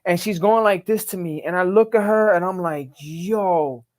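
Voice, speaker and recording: A man's voice: high-pitched, moderate pace, darkish tone. A middle-aged man telling his life story as a podcast guest in emphatic, profane street talk. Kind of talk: casual storytelling.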